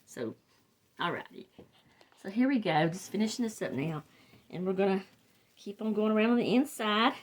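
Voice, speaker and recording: A woman's voice: mid-range voice, animated, moderate pace, long pauses. An older woman with a Southern US accent, chatting casually and rambling through a wreath-making tutorial. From the Carolinas, US. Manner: chatty, rambling, trails off and restarts. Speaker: wreath crafter. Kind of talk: casual crafting tutorial chat.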